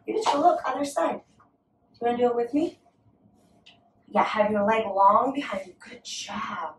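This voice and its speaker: Female yoga instructor, gentle encouraging cues, slightly high voice, recorded at a distance in an echoey home room. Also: moderate pace, a little hiss or hum. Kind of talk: guided yoga class with a toddler.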